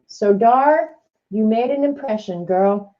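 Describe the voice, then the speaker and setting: A woman's voice: on the high side, expressive, slow pace. An older woman vlogging in a casual, rambling way while she looks through old art journal pages. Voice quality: chatty, rambling, warm-hearted reminiscing. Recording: slightly dull lo-fi sound.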